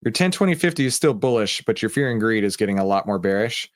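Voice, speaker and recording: A man's voice: on the low side, expressive, quick pace. A man hosting a live trading stream, chatting casually and joking with viewers in the chat.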